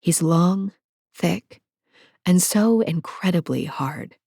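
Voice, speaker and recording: Speaking slowly in a mellow, lowish voice, a woman narrates a first-person romance audiobook with animated energy. Sassy, playful asides pepper her delivery, and intimate scenes bring breathy whispers. It's captured on a close studio mic, clean and echo-free.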